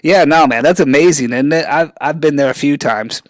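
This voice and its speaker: A man's voice: on the high side, fairly quick, dry recording, low-quality recording. A man with a mixed military brat accent, asking questions as an easygoing interviewer.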